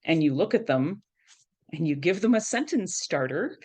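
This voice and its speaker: A woman's voice: on the low side, very animated, moderate pace, darkish tone, breathy edge. A middle-aged woman, a professor of education, explaining things in a conversational interview and often checking in with "right?". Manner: explanatory, frequently adds "right?".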